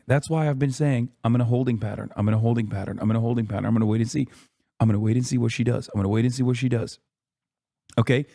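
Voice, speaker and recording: A streamer reacting to a speech rants heatedly at his chat in a mid-range, mellow voice, recorded with clean studio sound and no echo. Profane and exasperated, he keeps repeating "okay?" and whisper-screams so he won't wake a neighbor.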